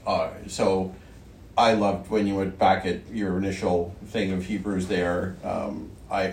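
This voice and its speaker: A man's voice: low voice, darkish tone, slight background noise. A man in a casual faith conversation, talking loosely and meandering, with an easy chuckle. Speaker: podcast co-host. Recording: distant mic in an echoey room.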